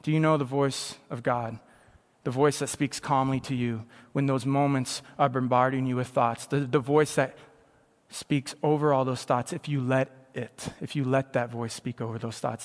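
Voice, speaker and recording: A man preaching a sermon in a conversational way, dropping to hushed tones and then rising to loud, emphatic passages. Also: medium pitch, steady tone, normal speed, long reverb tail. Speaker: pastor.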